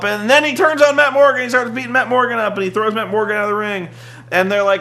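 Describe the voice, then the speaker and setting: A man's voice: high-pitched, quick pace. A young man rambling through a sarcastic, casual rant about a wrestling show, full of "like" and mocking asides. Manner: rambling, sarcastic, mocks with shouted impressions. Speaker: podcast host recapping wrestling.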